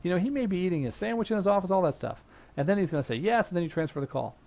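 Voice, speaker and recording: Guy teaching help desk stuff, gravelly kinda voice, muffled lo-fi sound. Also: high voice, expressive, rapid-fire, a little mellow. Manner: conversational, acts out sample phone lines. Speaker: instructor. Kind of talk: casual lecture. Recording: dull lo-fi recording.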